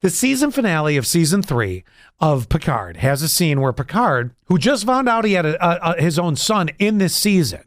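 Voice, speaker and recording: A man's voice: big pitch swings, normal speed, dry recording, studio quality. A middle-aged man co-hosting a podcast in casual chat, rambling and candid, full of restarts. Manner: candid, rambling storyteller with restarts and sudden pitch jumps. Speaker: podcast co-host.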